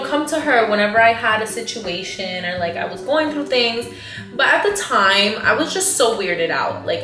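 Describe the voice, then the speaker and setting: Her voice mid-range and the audio roomy, a twentysomething woman vlogger animatedly recounts a story in a casual way. She performs the quotes of the people involved, peppering her speech with "like."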